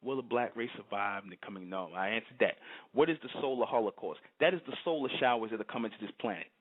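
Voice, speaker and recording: A man's voice: on the low side, fast talker. A man hosting his own channel, delivering an emphatic, repetitive solo monologue and often asking his listeners if they understand. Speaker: channel host. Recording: tinny phone-like sound.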